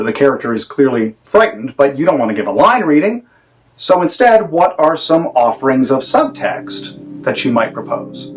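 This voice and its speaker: A man at a mid pitch explains directing craft to students in a calm, measured lecture. He shifts into quick sample readings of lines to show his points, then returns to plain explanation. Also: rough recording. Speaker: theater director and teacher. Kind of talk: instructional talk on directing.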